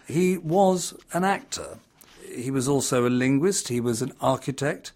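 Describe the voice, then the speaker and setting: A man's voice: medium pitch, a little slow, darkish tone. A man giving a casual spoken talk in a chatty way, with fillers and small restarts. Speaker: presenter.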